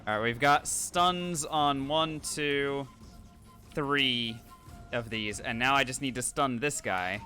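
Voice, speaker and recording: A man's voice: mid-range voice, takes it slowly, bright, forceful tone, soft background music. A man streaming a video game live, talking through his moves and thanking viewers in a chatty, rambling way. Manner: chatty, thanks viewers, frequent fillers and restarts. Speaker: streamer playing a challenge run. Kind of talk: live gameplay commentary.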